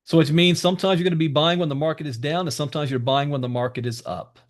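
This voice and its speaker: A man's voice: on the high side, fairly even intonation, fast. A man hosting an education call, giving emphatic motivational coaching and repeating his key advice straight to the listeners. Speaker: host of a crypto education call.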